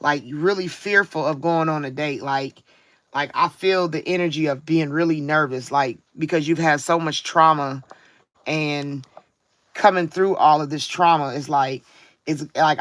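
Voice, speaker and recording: Woman card reader on a live stream, bright and dry, slow and reflective, keeps checking in with listeners. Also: low-pitched, dry recording. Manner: reflective, drawn-out emphasis, frequent "you know what I'm saying".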